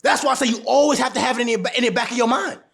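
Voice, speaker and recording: A man's voice: very high voice, steady tone, racing, gravelly, a bit bright. A man giving blunt relationship advice straight to camera, laughing often and hammering home his points by repeating them. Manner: repeats phrases for emphasis. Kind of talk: casual advice monologue to camera.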